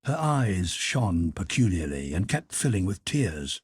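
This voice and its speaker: A male audiobook narrator with a deep, very breathy voice. His reading is lively in pitch and expressive. The sound is dry and close to the mic. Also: a little slow, hardly any pauses, no echo. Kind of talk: scripted narration.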